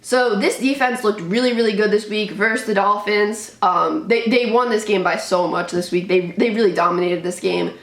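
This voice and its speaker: A woman's voice: mid-range voice, moderate pace, few pauses. Chatty woman hosting sports rankings. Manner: chatty, opinionated, many fillers. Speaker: sports show host. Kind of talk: casual sports commentary. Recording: roomy echo.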